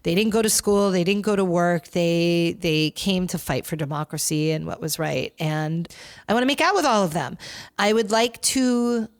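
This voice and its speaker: A woman's voice: lowish voice, normal speed, dry recording, clean studio sound. A woman from New York hosting a podcast alone, talking in a chatty, gossipy, sarcastic way with lots of fillers. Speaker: podcast host. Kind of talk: casual solo podcast commentary.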